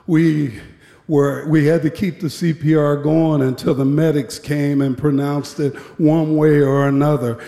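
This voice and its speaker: A man, a former prison guard, telling a personal story in a measured, grave way with deliberate pauses. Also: a little high, little pitch movement, vocal fry, dark tone. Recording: echoey hall with long reverb.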